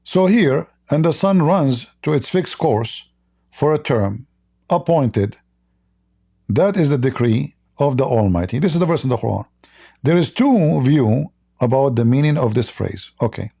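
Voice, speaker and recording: Gravelly, dark-voiced man losing his voice. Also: mid-range voice, expressive. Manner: reads quoted passages slowly, then comments with mockery. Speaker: live stream host. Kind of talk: livestreamed religious debate commentary.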